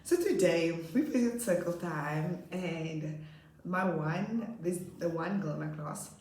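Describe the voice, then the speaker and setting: A young woman teacher casually telling funny stories about her class, laughing often and acting out her pupils. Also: slow. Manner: animated, laughs often, acts out her pupils in high voices. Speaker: grade 2 teacher. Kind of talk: casual storytelling vlog. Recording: roomy echo, slightly far from mic.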